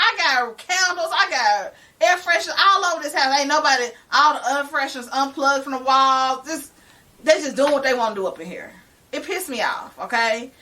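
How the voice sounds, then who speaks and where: Lady co-host ranting about her messy house, bright and kinda high, sounds a little far off. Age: middle-aged. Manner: animated, exasperated, laughing asides. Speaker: podcast co-host. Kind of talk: casual storytelling chat.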